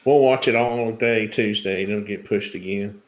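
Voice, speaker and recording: Tennessee guy w southern accent, lowish voice, laid back and jokey on a stream. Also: fairly even intonation, moderate pace, low-quality recording. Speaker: co-host. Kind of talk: casual live-stream chat.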